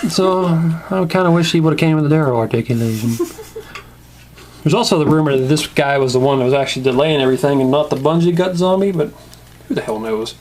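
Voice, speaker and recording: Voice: medium pitch, a little fast, darkish tone, a little hiss or hum. A casual toy reviewer who rants, swears and laughs often.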